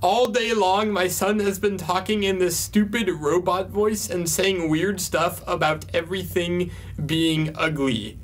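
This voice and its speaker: A young man with a fairly high voice talks through viewer questions in a loose, casual advice chat. He laughs often and leans on fillers as he thinks aloud, easygoing rather than polished. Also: steady tone, unhurried, slight background noise. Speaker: co-host answering viewer questions.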